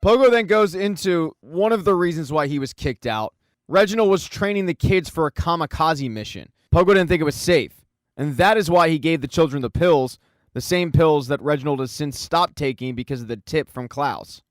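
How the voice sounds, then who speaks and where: Higher-voiced man recapping a plot. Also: no room sound. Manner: brisk storytelling, casual asides. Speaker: recap video host. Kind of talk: scripted plot recap narration.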